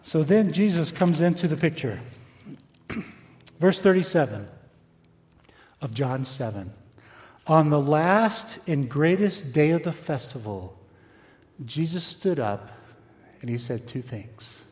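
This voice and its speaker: A man preaching a sermon, reading scripture aloud and slowing down for emphasis. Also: on the high side, lively intonation, darkish tone, big-room sound. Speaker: pastor.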